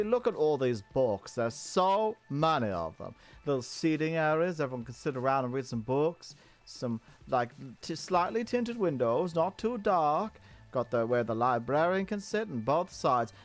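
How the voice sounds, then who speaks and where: Man, game host in a mayor persona: pompous and showy, pitch bouncing all over. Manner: pompous, theatrical and self-admiring. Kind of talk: in-character game commentary.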